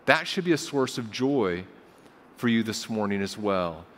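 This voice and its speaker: A man's voice: on the low side, animated, unhurried, fairly bright tone, slight background noise. A male pastor preaching a sermon in a conversational storytelling way, often repeating phrases for emphasis, in a church sanctuary. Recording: long hall reverb.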